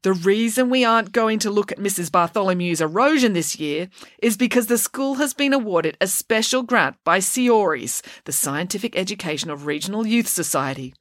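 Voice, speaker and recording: A woman plays a mild, put-upon male schoolteacher making a formal announcement to his class. She pitches her mid-range voice slightly above her own, staying close to an everyday sound, with lively intonation at normal speed in a clean, echo-free studio.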